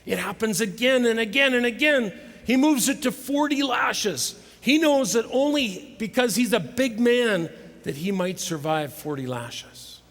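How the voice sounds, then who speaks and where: A middle-aged man giving a motivational sermon at a conference, telling stories dramatically and swinging between loud and hushed delivery. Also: very high-pitched, lively intonation, a little slow. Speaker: conference speaker. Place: large hall with live audience. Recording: live hall recording with long reverb.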